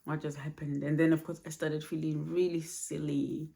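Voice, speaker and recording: A woman speaking softly and haltingly in a personal vlog recorded at home at night, low on energy. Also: little pitch movement, vocal fry. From Australia. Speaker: vlogger.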